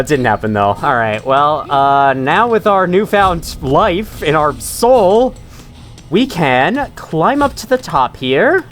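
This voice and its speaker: A man's voice: on the high side, a bit bright. A man hosting casual let's-play commentary, swearing often and joking through his frustration. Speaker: gaming channel host.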